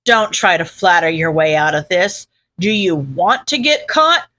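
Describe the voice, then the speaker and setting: A woman voicing a hot-tempered, foul-mouthed teenage boy who yells scornful insults. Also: lowish voice, very animated, unhurried, pitched below the performer's own voice, exaggerated voice.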